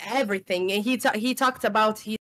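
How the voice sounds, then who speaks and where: A woman's voice: mid-range voice, fairly even intonation, brisk, fairly bright tone. A woman with an Italian accent, a voice actor guest who talks casually and searches for her words. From Italy. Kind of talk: casual podcast chat.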